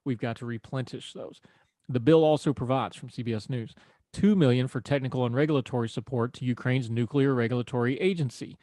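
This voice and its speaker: A man's voice: medium pitch, quick pace, dark tone, no room sound. A man hosting a political talk radio show, folksy and conversational with wry asides. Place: radio studio.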